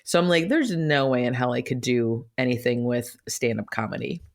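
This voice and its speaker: A woman's voice: a bass voice, normal speed. A middle-aged woman tells a personal story on her podcast, chatty and open, often laughing and getting choked up. She acts out her own remembered words as she goes. She is recorded in an office. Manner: chatty, emotional, laughs often, quotes herself. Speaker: podcast host.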